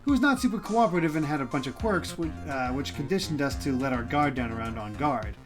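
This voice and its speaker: A woman co-streamer giving relaxed, analytical commentary on a story game. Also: very deep voice, fast, music in the background. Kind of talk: casual gameplay commentary.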